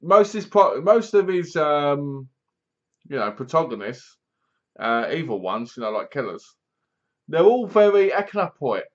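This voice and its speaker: A man's voice: fairly high pitch, measured pace. Rambling man reviewing a film. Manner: rambling, animated retelling with sound effects and asides. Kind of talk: casual spoken film review. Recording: dull lo-fi home recording.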